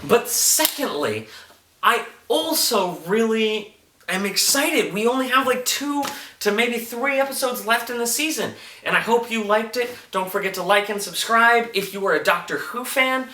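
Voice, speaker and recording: A man giving a casual, rambling review of a TV episode, getting excited and making his own sound effects. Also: extremely high pitch, normal speed. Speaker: TV review vlogger. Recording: echoey room, mic at a distance, faint noise.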